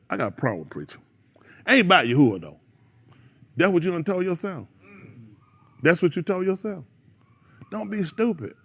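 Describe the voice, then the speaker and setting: A man preaching a fiery sermon, calling out members of the congregation by name. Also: fairly high pitch. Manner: animated, preachy, calls out listeners by name.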